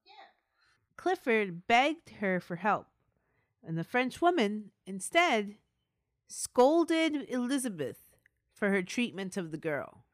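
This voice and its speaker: A woman's voice: medium pitch, very animated, slow, pauses often, no echo, clean studio sound. A woman hosting a podcast, narrating a true-crime story in a chatty way with asides. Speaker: podcast host.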